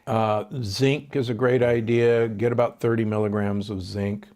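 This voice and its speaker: An older man speaks with a low, gravelly voice, explaining medical advice in an authoritative tone. He piles up doses and figures and often restarts his sentences mid-thought. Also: little pitch movement, measured pace, darkish tone. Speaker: doctor and guest. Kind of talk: podcast interview.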